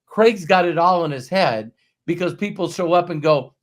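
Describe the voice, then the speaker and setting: A middle-aged man hosts a motivational show in a loose, storytelling way. He acts out what other people said and drops the odd swear word, his pitch ranging widely as he goes. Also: moderate pace. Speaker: host. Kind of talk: motivational talk.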